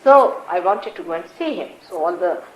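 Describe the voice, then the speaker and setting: A woman spiritual teacher giving a public talk, unhurried and gentle, with emphatic repetition as she tells stories. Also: lowish voice, animated, highs cut off. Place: large lecture hall. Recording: roomy 1980s hall recording.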